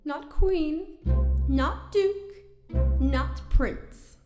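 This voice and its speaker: A woman singing as a vain lion in an amateur stage musical, grand and drawn out, over loud music in an echoey room. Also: sits high. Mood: grandiose. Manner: grand, drawn-out sung delivery. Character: vain cowardly lion dreaming of being king.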